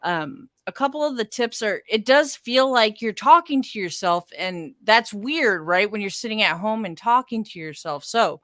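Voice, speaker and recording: A woman who hosts a podcast and radio show, chatting as a guest in a casual conversation over a video call, animated, with quick bursts and lots of fillers. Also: medium pitch, dry recording, clean studio sound.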